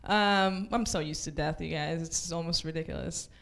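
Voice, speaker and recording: A woman from Israel with an Israeli accent and Hebrew as her first language, doing a stand-up set at a small comedy club with offhand dark jokes and lots of "like" fillers. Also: low voice, normal speed. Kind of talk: open-mic stand-up set.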